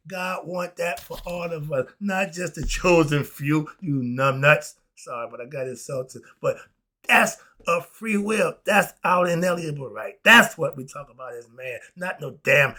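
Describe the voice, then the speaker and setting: A man hosting an animated spiritual commentary, excitably asking rhetorical questions and answering them himself. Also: on the high side, normal speed. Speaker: host.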